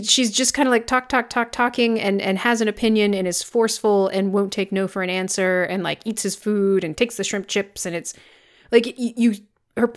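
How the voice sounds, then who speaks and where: A woman co-hosting a podcast, recapping a film in casual chat with sarcastic, animated storytelling and plenty of swearing. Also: medium pitch. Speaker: podcast co-host.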